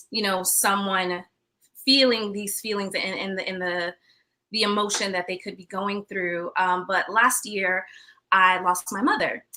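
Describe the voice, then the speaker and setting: Soft-spoken woman singer, very bright tone. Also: medium pitch. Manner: reflective, halting and heartfelt. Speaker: singer and stage actress. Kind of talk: interview answers.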